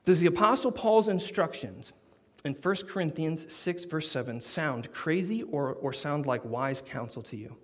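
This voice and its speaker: A man preaching a sermon, telling a story with animated, building emphasis. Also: on the high side, unhurried. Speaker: pastor.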